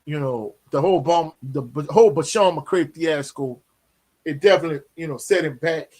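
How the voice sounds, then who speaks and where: A man, hosting a casual live sports Q&A, animated and slangy, often tagging on "you know what I'm saying". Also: on the high side, normal speed. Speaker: sports talk host.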